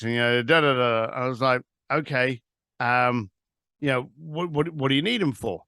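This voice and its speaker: A man's voice: mid-range voice, moderate pace, pushed and bright, clean tone, no echo, studio quality. A man, a guest telling an anecdote in an interview. He acts out both sides of a phone call. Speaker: guest, author. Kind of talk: storytelling interview.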